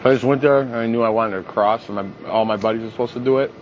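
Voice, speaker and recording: A man's voice: medium pitch, fast talker, highs cut off, a little hiss or hum. A young man, a reality show contestant, casually telling profane stories and acting out what people said in a raised voice. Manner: animated, profane, acts out quotes in a raised voice. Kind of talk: casual storytelling.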